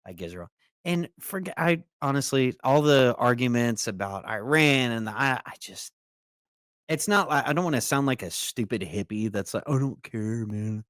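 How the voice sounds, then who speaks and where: A man's voice: medium pitch, animated, moderate pace, fairly bright tone, no room sound, studio quality. A man co-hosting a political commentary podcast, reading news excerpts aloud and breaking into casual asides. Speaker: co-host.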